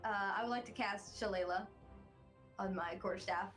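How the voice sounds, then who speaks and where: A woman's voice: mid-range voice, normal speed, fairly bright tone, faint music behind. A woman playing a tabletop game, speaking tentatively as she works out the rules. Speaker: player.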